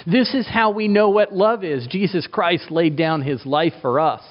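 A middle-aged man preaching a sermon as a pastor, emphatic, asking rhetorical questions and swinging his pitch for effect. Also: moderate pace, few pauses. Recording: dull lo-fi recording.

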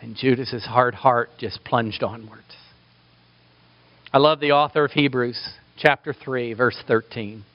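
A man's voice: mid-range voice, unhurried, dry recording, muffled recording. A man preaching a sermon with passion, building to emphatic peaks. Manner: impassioned, rising to emphatic peaks.

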